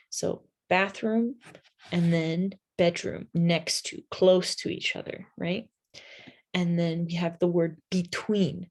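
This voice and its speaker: A woman's voice: lowish voice, a little mellow. A woman teaching an English vocabulary lesson, patiently spelling words out letter by letter and checking in with "right?".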